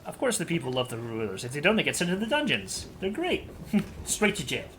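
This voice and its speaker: A man in his thirties, a native Spanish speaker from South America, who streams games and talks in a casual, excitable way with lots of swearing. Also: fairly high pitch, fairly quick, a little hiss or hum. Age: 30s. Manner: swears a lot, excitable outbursts. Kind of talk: casual gameplay commentary.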